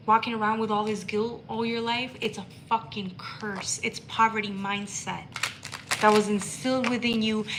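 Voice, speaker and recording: Woman, tarot reader on a live stream, bright even delivery, emphatic and emotional, faint hiss behind. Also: on the high side, poor audio. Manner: emphatic and emotional, swears freely.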